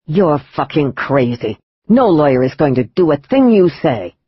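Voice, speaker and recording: A man's voice: a little high, big pitch swings, unhurried, breathy edge, dry recording, lo-fi sound, full character voice. Man doing a snarling, spiteful husband; audiobook. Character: spiteful young husband, blustering.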